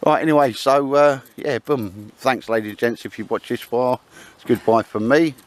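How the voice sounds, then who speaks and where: A man's voice: mid-range voice, normal speed. A man, chatting and bantering with mates outdoors, laughing often. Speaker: channel host. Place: outdoors in woods.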